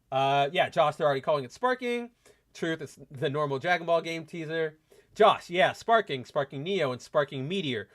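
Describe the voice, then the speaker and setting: This is a man hosting a loose gaming livestream, his voice sitting a little high for a man. He rambles and stammers through restarts while reacting to viewer comments. He talks like an eager fan and swears casually. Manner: excitable, fan-like. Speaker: podcast host.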